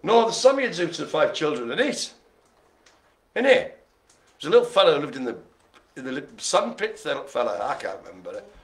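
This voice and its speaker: A man's voice: on the high side, very animated, a little fast, pauses often. A man hosting a live bingo game, cracking puns, laughing often and rambling in chatty asides. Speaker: bingo host. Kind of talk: live-streamed bingo calling.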